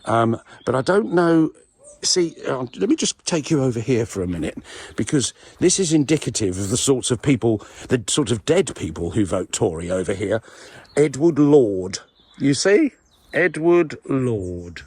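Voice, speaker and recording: A man with a husky, slightly breathy voice rambles through a mock-serious monologue. His pitch rises and falls in a lively way as he slips in playful asides. He is talking to camera outdoors. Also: moderate pace. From England. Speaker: video blogger host. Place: outdoors in a village graveyard.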